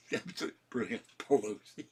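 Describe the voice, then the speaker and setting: A man with a fairly low, sharp-toned voice rambles through a home vlog, ranting and often laughing. He's a vlogger recording indoors at home, with slight background noise.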